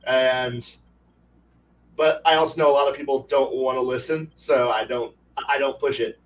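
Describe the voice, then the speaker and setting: Recorded from a distance on rough audio, a man with a mid-range voice speaks at normal speed as he hosts a casual talk stream. He rambles, restarts often, and swears, animatedly telling stories and acting out other people's quotes in a raised voice.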